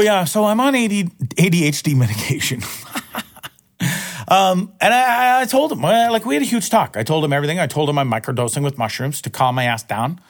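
A middle-aged man talks on his solo podcast in a voice pitched a little high. He rambles, swears freely and laughs at his own expense. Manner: rambling, profane, self-mocking with frequent laughs. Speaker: podcast host. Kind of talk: casual solo podcast chat.

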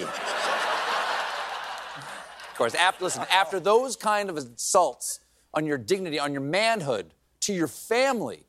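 A man's voice: sits high, a bit bright. A man hosting a late-night show, delivering a comedic news monologue with sarcastic, mocking punchlines.

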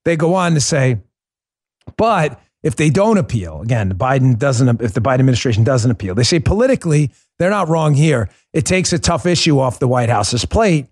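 A man's voice: medium pitch, lively intonation, fairly quick, a little mellow, slightly rough. A man hosting a political podcast, delivering a combative, mocking monologue.

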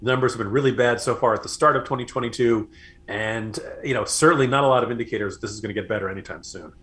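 A man's voice: medium pitch, fast talker, a bit bright. A man co-hosting a political talk show, chatting in a conversational, wry way. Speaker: podcast co-host. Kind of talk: casual political commentary.

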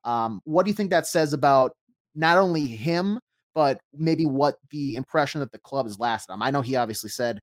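A man hosting a soccer podcast, recapping the match step by step in a measured, casual way with frequent fillers. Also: mid-range voice, expressive, no echo.

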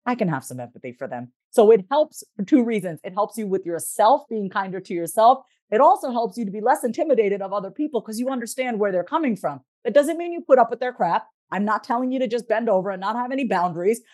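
A woman's voice: fairly high pitch, expressive, fast, few pauses, a little mellow, dry recording, studio quality. Emphatic, direct woman guest. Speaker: guest, therapist and life coach. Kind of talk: podcast interview talk.

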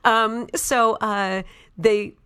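A woman in an interview, an actress telling a personal anecdote in a casual, animated way, full of "like" and "you know". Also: on the high side, very slow, clear, resonant tone. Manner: animated and chatty, many "like" and "you know" fillers. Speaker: actress and author, interview guest.

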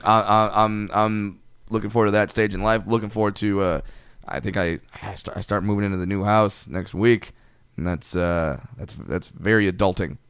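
A man's voice: lowish voice, moderate pace, clear, resonant tone, no echo. Male comic host, 30s, casual rambling storyteller, clean dry sound. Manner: rambling, chuckly, animated storytelling. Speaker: podcast host, comedian. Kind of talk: casual chat.

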